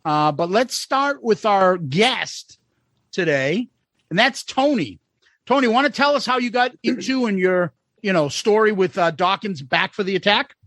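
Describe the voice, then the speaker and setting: A man's voice: sits high, lively intonation, measured pace, a bit bright, no echo. A man hosting a podcast, upbeat and steering the casual talk. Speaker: podcast host. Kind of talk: casual chat.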